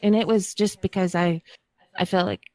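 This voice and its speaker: A woman's voice: on the low side, steady tone, normal speed, dark tone. A woman on a gaming podcast telling a personal story in a chatty, hesitant way. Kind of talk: casual chat.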